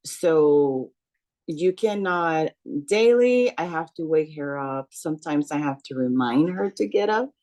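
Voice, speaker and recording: A middle-aged woman talking slowly and haltingly with many fillers as she shares about her daughter on a video call. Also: deep voice, lively intonation, dark tone. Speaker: parent sharing in a support group. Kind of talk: casual storytelling on a video call.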